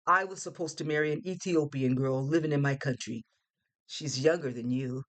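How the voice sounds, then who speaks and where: A woman's voice: low voice, moderate pace, lightly acted. A woman reading the lines of a resentful young man, an ex-lover who sneers in bitterness. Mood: aggrieved. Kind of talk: audiobook character reading.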